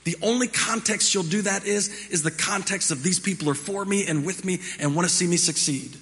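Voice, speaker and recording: A man's voice: high-pitched, fairly quick, a bit bright. A male pastor preaching a sermon in a conversational way, repeating phrases for emphasis. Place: church hall. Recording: reverberant hall with music behind.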